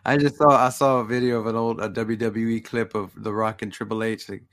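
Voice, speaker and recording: A man hosting a podcast, talking in a playful, animated way with plenty of swearing. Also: fairly low pitch, a little fast. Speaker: podcast host. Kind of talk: casual chat.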